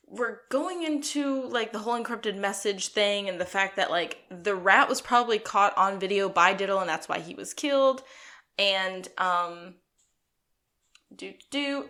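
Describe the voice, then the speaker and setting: A woman's voice: mid-range voice, pushed and bright. A woman co-hosting a podcast, casually recapping a TV episode with lots of fillers. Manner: chatty, many "like" fillers, acts out quotes. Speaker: podcast co-host.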